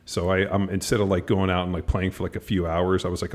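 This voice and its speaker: A middle-aged man with a very deep voice rattles off stories at a quick clip, swearing casually and acting out quotes. He is an animated podcast host. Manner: animated storyteller, swears freely, acts out quotes.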